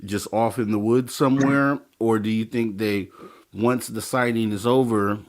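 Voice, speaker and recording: A man hosting a podcast interview, asking halting questions full of fillers. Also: lowish voice, steady tone. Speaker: podcast host. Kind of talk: casual interview chat.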